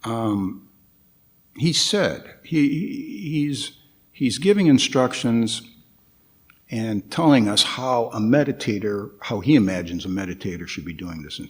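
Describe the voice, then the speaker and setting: A man giving a guest dharma talk at a temple, hesitant, with frequent pauses and restarts. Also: mid-range voice.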